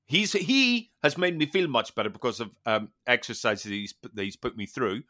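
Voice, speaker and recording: A man's voice: mid-range voice, lively intonation, moderate pace, bright, forceful tone. A man on a casual podcast chat, telling an anecdote and acting out the lines of the people in it. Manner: storytelling, acts out quoted dialogue, swears casually. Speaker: podcast co-host.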